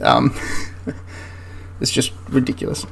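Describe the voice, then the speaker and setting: A man's voice: mid-range voice, big pitch swings, takes it slowly, vocal fry, a bit bright, breathy edge. A man hosting a history channel, ranting through a film critique in an exasperated, rambling way with frequent restarts.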